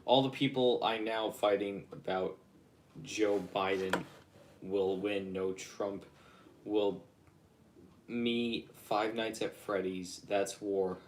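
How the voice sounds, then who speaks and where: A man's voice: fairly low pitch, steady tone, slow, a little hiss or hum. A man rambling casually on a livestream, chatting and reacting to viewer comments. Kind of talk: casual live-stream chat.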